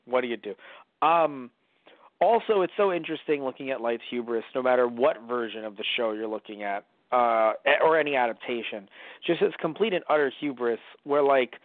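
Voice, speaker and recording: A man co-hosting a casual movie review podcast, talking in an animated, rambling, profane way. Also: mid-range voice, a little fast, no echo. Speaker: podcast co-host. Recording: dry, phone-like line.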